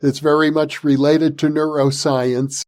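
A man hosting an interview, setting up his questions at length in a measured way. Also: on the high side, little pitch movement, a little mellow. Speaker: interview host.

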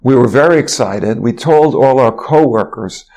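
A man being interviewed, telling a personal story in an animated way with frequent restarts. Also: mid-range voice, normal speed. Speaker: interview guest.

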